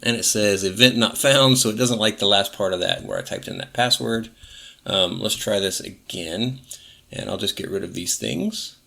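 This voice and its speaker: Gravelly man walking through software setup. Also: on the low side, big pitch swings, normal speed. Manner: casual, self-correcting, narrates clicks step by step. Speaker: tech tutorial host. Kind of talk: screen-recorded software walkthrough.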